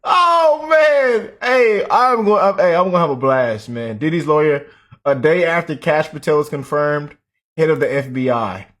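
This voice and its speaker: A man hosting a casual reaction video, chatty and animated. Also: fairly high pitch, normal speed. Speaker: reaction host.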